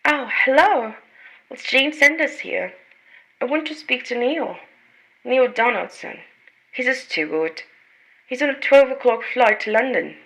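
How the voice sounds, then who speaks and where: A woman's voice: sits high, animated, unhurried, long pauses, fairly bright tone, voice pushed up, exaggerated voice, rough recording. A woman voicing an anxious young woman on the phone, fretful and pleading. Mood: worried.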